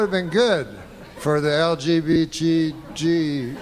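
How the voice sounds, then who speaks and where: A man doing a stand-up set with a deadpan, relaxed delivery, halting over fillers. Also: on the high side. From Canada. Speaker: stand-up comedian. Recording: noisy archival stand-up clip.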